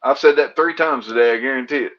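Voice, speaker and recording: A man's voice: medium pitch, fast talker, fairly bright tone, muffled recording. A man appearing as a fighter guest in a casual interview, laid-back and joking, with folksy sayings. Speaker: bare-knuckle fighter guest.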